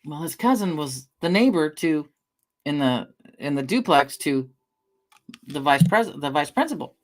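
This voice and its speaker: A middle-aged woman from the Northwest livestreams in a low, animated, slightly slow voice. She rambles from one anecdote to another, swearing casually and stopping to answer her chat. The whole thing feels loose and conversational.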